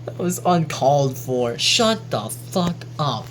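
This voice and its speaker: Brief: woman, low-set voice with lots of swing, casual jokey recap read from a journal, faint hiss behind. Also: very animated, slow, rough recording. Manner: chatty, jokey, swears casually, trails off mid-sentence. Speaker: classmate reading out a class quote journal.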